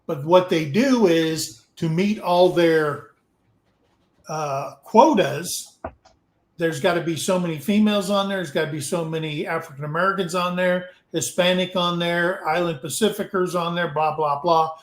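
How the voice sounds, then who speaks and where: A middle-aged man, a retired Army sergeant, co-hosting a casual livestream chat and telling stories with lively acted-out dialogue. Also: a little high, normal speed, echoey room. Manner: storytelling, animated, acts out dialogue.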